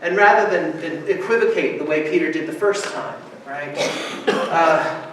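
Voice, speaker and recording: A male pastor preaching a sermon and telling stories with lively delivery, now and then acting out the people he quotes. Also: on the high side, unhurried. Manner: animated storytelling, acting out quoted voices. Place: church sanctuary. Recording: echoey church from far off, with faint hiss.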